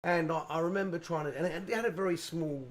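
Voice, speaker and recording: A man from England telling stories in a casual chat, animated and laughing as he goes. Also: on the high side, fast talker. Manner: animated, laughing storyteller, swears. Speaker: musician guest.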